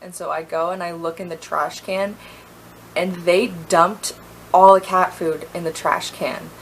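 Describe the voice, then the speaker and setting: A woman's voice: lowish voice, level tone, measured pace, a little hiss or hum, rough recording. Ranting young woman telling a story. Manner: heated, ranting, lots of fillers. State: tipsy. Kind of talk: storytime vlog.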